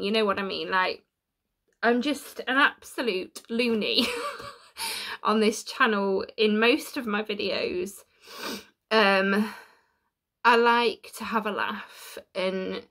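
A woman's voice: medium pitch, bright, forceful tone. A woman chatting through a home unboxing vlog, emotional and tearful, laughing at herself. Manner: chatty, self-deprecating, emotional. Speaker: YouTuber. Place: home room.

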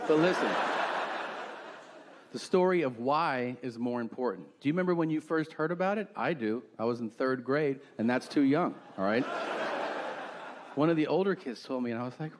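A man's voice: medium pitch, animated, moderate pace. A man doing a crude stand-up comedy set, telling stories with big acted-out quotes. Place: comedy venue stage with audience. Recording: live stage with long reverb and hum.

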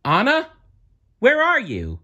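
A man doing Elsa, a high eager queen. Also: sing-song, moderate pace, fairly bright tone, lo-fi sound, exaggerated voice. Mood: flustered. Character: young adult ice queen, older sister, eager.

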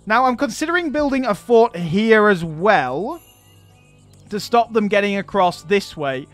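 Brief: male let's-play host, high-pitched voice, chatty and excitable, quick to swear and rant, faint music underneath. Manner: chatty, excitable, swears freely and rants at the enemy. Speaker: gaming channel host. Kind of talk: strategy game commentary.

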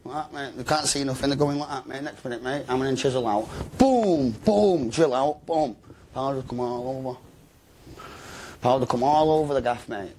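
A man recounts his story in an interview, sitting at an ordinary middle pitch. He talks fast and loose, in slang and swearwords, with mate and bro scattered through every line. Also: warm tone, a little hiss or hum.

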